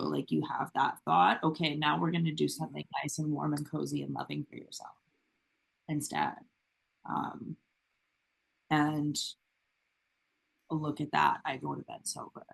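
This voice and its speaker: Earnest woman with a gravelly voice. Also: low-pitched, steady tone. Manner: earnest, halting, many "um" and "like" fillers. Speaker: podcast co-host. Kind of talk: casual recovery podcast chat.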